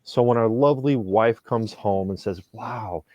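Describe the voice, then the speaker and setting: A man co-hosting a podcast as a couples therapist, talking in an animated, joking way with quick asides. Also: fairly low pitch, no room sound, dull audio. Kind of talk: casual podcast conversation.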